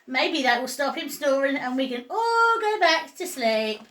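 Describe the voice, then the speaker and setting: A woman's voice: high voice, sing-song, unhurried, fairly bright tone, full character voice. Woman reading as sleepy fed-up storybook cat. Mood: hopeful.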